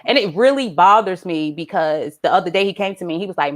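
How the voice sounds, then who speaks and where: A woman doing a stand-up comedy set, animated and swinging between low mutters and high exclaims. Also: quick pace, few pauses.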